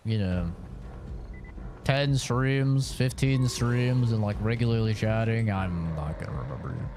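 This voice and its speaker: A man's voice: lowish voice, measured pace, over music. A man streaming a game, chatting casually with his viewers and reacting loosely as he plays. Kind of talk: casual live-stream chat while gaming.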